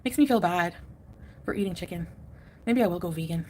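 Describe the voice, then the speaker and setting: A woman's voice: fairly low pitch, brisk, a little mellow. A woman hosting a casual live stream from home, rambling, chatting with viewers and laughing often.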